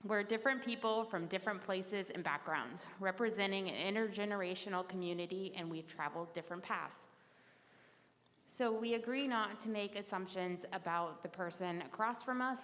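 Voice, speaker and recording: A woman from the congregation reading a community statement aloud, earnest and steady. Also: medium pitch, normal speed. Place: church hall. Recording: long echoing hall reverb.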